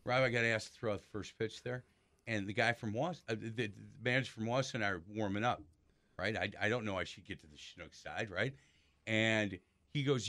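A man's voice: lowish voice, brisk, a bit bright, no echo. A man hosting a sports radio talk show, chatty and self-deprecating as he tells stories. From Milwaukee area.

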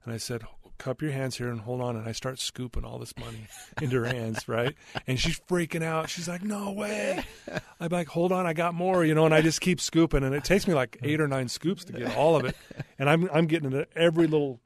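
A man's voice: mid-range voice, fairly even intonation, quick pace. Earnest man telling a personal story. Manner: earnest, candid, with frequent fillers. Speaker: podcast guest.

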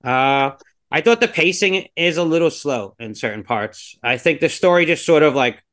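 Here a fairly high-pitched, expressive, slightly bright male voice moves at a moderate pace. He's a podcast co-host talking through a film review, rambling and hedging, his casual opinions padded with lots of "like" and "you know."

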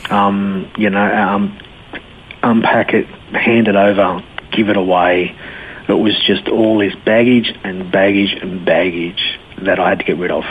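A man's voice: low voice, flat delivery, a little slow. A man giving a candid personal testimony as an interview guest, telling his story in a blokey way with frequent restarts. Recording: tinny phone-like line with faint hiss.

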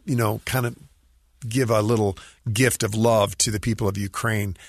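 A man's voice: lowish voice, steady tone, normal speed, no room sound. A man, a musician guest, talking in an earnest, reflective, friendly way in a casual interview.

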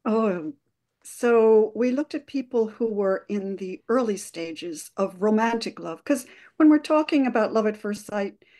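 A woman speaking as an expert guest on a radio show, calmly explaining research. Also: mid-range voice. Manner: calm, explanatory, measured.

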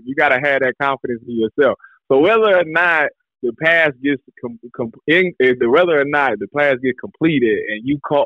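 A man guest on a sports talk show, speaking loosely with easy laughs and drawn-out sentences. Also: on the high side, no echo, dull audio. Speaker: guest, former defensive back. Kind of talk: casual interview talk.

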